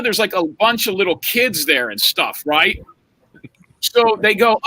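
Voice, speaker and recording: Man, casual podcast storyteller, profane and rambling, high bright husky voice. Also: moderate pace, dry recording, rough recording. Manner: animated, profane, rambling anecdotes.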